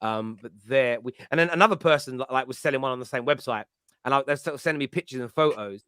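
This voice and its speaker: A man's voice: medium pitch, fast, pushed and bright, clean tone, no echo, clean studio sound. A man, hosting a casual football chat and telling rambling, jokey stories. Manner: chatty, rambling, jokey storytelling. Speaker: podcast host.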